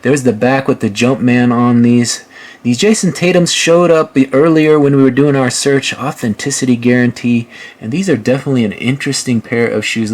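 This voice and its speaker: Male host, casual screen-share commentary, laid-back and chatty with plenty of "uh"s, mid-pitched voice. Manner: relaxed, filler-heavy, chatty.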